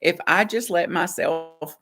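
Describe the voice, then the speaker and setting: A middle-aged woman minister giving a gentle, reflective sermon with soft laughs. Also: on the low side, takes it slowly.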